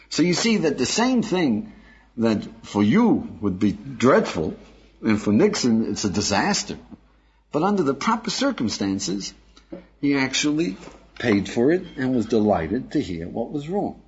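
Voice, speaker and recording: In this dull, lo-fi lecture recording, a rabbi teaches informally in a mid-range, slightly rough voice. He's lively, playing out everyday scenes and pulling his class along with a steady stream of "right?" and "yeah?"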